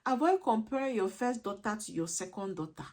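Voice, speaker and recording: A woman's voice: medium pitch, lively intonation, brisk, darkish tone. A woman giving earnest parenting advice as a coach, emphatic, repetitive and a little preachy.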